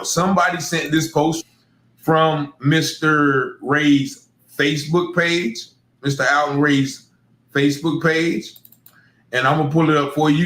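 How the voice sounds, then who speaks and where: A man giving casual true-crime commentary on an emergency call recording, questioning in a skeptical, drawn-out way. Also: on the high side, echoey room, poor audio.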